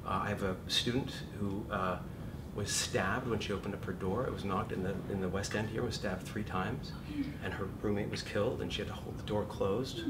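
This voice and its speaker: A middle-aged man lecturing an acting class, animated and jokey, acting out inner voices as he talks. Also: on the low side, normal speed. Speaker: acting teacher. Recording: echoey room, far from the mic, noisy.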